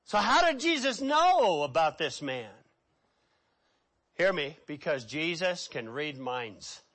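A man preaching a sermon with dramatic swings between hushed and loud delivery. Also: on the high side, very animated, slow.

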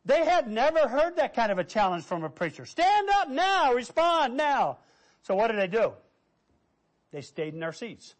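A man preaching a sermon, telling stories with lively quoted voices and quiet asides. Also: high-pitched. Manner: animated, quotes figures in raised voice, drops to quiet asides. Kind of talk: sermon storytelling.

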